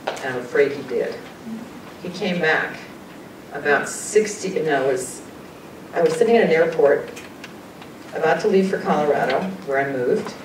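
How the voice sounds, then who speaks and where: A woman tells her personal story in an earnest, chatty way, sometimes moved almost to tears. She sounds far from the mic in a reverberant meeting room. A low rumble runs beneath her voice. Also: expressive, moderate pace, pauses often. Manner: earnest, conversational, often laughs and quotes people. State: emotional, choking up at times. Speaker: guest speaker sharing personal experiences.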